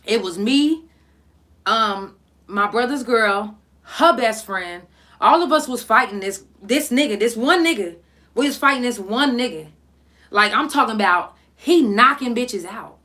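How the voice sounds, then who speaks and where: A young woman hosting a podcast, telling a story in blunt, profane, animated casual talk. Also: on the high side, unhurried. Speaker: podcast host.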